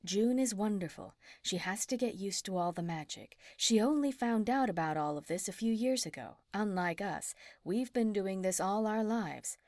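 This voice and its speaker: A woman voicing a kind, motherly witch who speaks in a soothing, hushed way. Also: medium pitch, animated, moderate pace, hardly any pauses, no room sound, studio quality, lightly acted.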